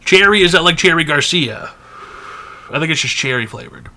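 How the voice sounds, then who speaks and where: A man's voice: fairly high pitch, animated, normal speed, sharp tone. A man hosting an online advice show in casual livestream chat, blunt and full of crude jokes.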